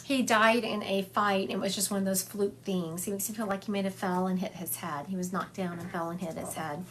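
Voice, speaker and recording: A woman's voice: on the low side, level tone, quick pace, a little mellow, a little hiss or hum. A woman psychic medium giving a chatty livestream reading, relaying and acting out spirit messages for her viewers. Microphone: phone livestream.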